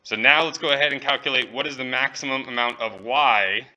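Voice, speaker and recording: A man's voice: mid-range voice, fairly quick, bright, forceful tone, rough recording. A man teaching economics, working through a problem step by step and checking in with students, with the occasional joke. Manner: light, joking asides. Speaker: economics professor. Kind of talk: classroom lecture.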